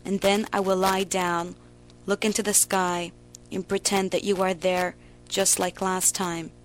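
A woman giving a slow, emotional, theatrical reading of a first-person story. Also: mid-range voice, flat delivery, a little hiss or hum, low-quality recording. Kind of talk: dramatic literary reading.

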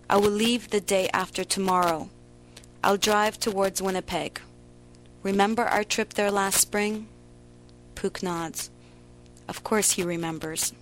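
A woman giving a slow, emotional, theatrical reading of a first-person story. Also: mid-range voice, a bit bright, a little hiss or hum, poor audio. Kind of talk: dramatic literary reading.

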